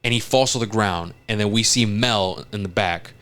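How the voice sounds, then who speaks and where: A man co-hosting a casual podcast, retelling a scene in animated detail, acting out lines and swearing often. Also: fairly low pitch, moderate pace. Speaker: podcast co-host.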